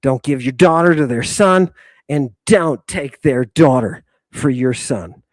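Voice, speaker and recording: Male host, livestreamed lecture; emphatic, repeats himself, talks at the audience; unhurried delivery. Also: medium pitch, animated, no echo, studio quality. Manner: combative, addresses audience directly; emphatic, repeats his points.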